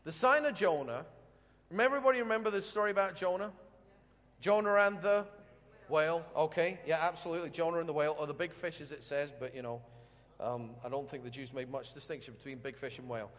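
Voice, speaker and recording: A man with a high-pitched voice preaches in a joking, storytelling manner and keeps checking in with his listeners. His voice rings out with a long reverb, as in a large hall. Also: fast talker, a bit bright. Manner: humorous, chatty storytelling with questions to the audience. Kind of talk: sermon.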